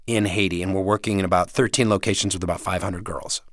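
A man telling vivid, rambling stories as a guest in a casual interview. His voice is bright and forceful, and the studio microphone sounds dry and close. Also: low voice, fairly even intonation, fast, no echo.

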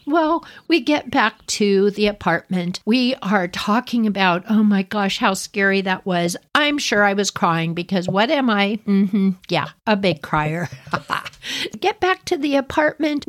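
A middle-aged woman from California, hosting a podcast and telling a personal story, animated, acting out voices with big jumps in pitch. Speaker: podcast host.

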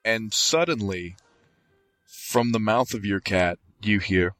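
A man narrating as game master, halting and descriptive with many fillers. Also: on the low side, a bit bright, no echo.

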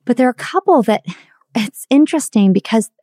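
A woman's voice: a little high, expressive, brisk, mellow, no echo, studio quality. A middle-aged woman telling a candid, reflective story about her own parenting in a confessional monologue. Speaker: parenting speaker.

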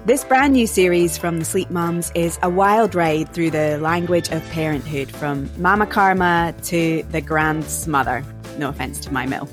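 A woman hosting a podcast, playful and jokey as she chats with her guests. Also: sits low. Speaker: podcast host.

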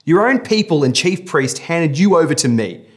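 Give me an imperious, uneasy governor, read by a man with sharp questions and a lively, rising voice. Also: on the high side, normal speed, pitched above the performer's own voice. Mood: demanding.

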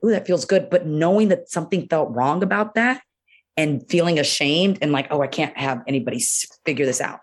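A woman urologist with a low-pitched voice is a guest in a relaxed interview, speaking openly about the body. Frank and animated, she leans on "you know" a lot and acts out little quotes in other voices.

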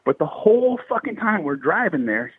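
A slightly rough, high voice at normal speed tells a paranormal tale from a man in his 30s from the Bay Area, California. He swears heavily and talks slangy and animated, and the recording has no echo but sounds narrow and tinny.

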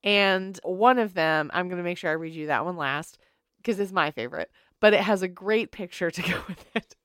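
Smooth-voiced woman podcast co-host. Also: on the low side, normal speed, fairly bright tone, dry recording, studio quality. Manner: giggly, reads stories aloud. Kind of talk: casual chat and storytelling.

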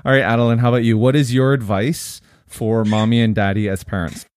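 A man co-hosting a casual family podcast, upbeat and laughing often as he gently prompts his kids. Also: medium pitch, little pitch movement, brisk, slight background noise. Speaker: podcast co-host and parent.

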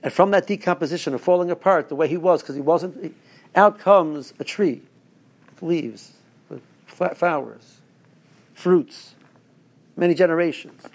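A man's voice: on the high side, a little slow, long pauses. A man, a rabbi, giving a rambling Torah talk to his listeners with stories and asides. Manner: rambling, restarts, storytelling asides.

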